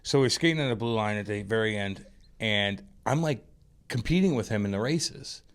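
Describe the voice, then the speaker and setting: Loud, profane male podcast co-host. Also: fairly low pitch, expressive, a little fast. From St. Louis area. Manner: loud, profane, rambling storyteller. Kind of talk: casual chat.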